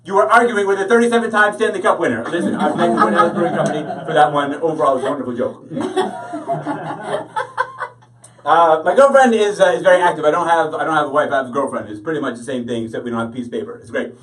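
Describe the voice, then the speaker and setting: Guy doing stand-up, kinda high voice, deadpan and rambly, mic's a bit far off. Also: fast, a little hiss or hum. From Canada. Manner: deadpan, rambling with many fillers. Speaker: stand-up comedian. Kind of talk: stand-up comedy set. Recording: voice from far off the mic.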